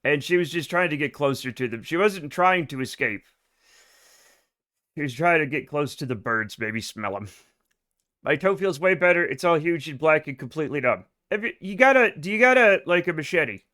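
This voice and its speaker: Bright-voiced, rambling American man streaming. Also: fairly high pitch, animated, moderate pace. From United States. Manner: rambling, profane and self-deprecating, with frequent restarts. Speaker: live streamer. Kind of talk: casual rambling chat with viewers.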